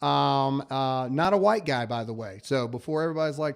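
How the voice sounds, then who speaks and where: A man's voice: medium pitch, fairly quick, vocal fry, hardly any pauses, clean tone. A man hosting a casual talk show, emphatic and pleading, often stammering and repeating himself. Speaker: show host.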